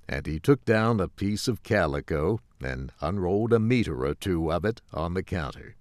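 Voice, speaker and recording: Male narrator, low voice, lively intonation, measured, dry studio. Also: dry recording. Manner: measured, carefully enunciated. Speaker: story narrator. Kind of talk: slow, clear narration for English learners.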